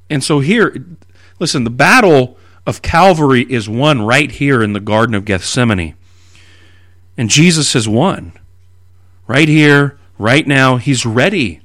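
A man preaching an expository sermon, reading scripture aloud and explaining it with animated emphasis. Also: mid-range voice, unhurried, no room sound, studio quality.

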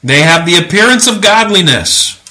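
A man's voice: high-pitched, expressive, moderate pace, sharp tone. A man hosting a religious commentary podcast, with a sarcastic, preachy, emphatic and indignant delivery. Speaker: podcast host.

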